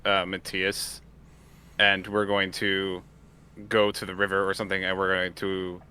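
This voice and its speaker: A man playing a tabletop game, describing what his character does in a halting, step-by-step way. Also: low voice, monotone, bright, forceful tone, smooth. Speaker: player. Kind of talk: casual tabletop play.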